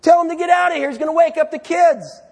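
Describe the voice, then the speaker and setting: Man doing a sharp, fed-up wife. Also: extremely high pitch, quick pace, voice pushed up. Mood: exasperated. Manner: sharp, loud and impatient. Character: exasperated young mother woken at midnight.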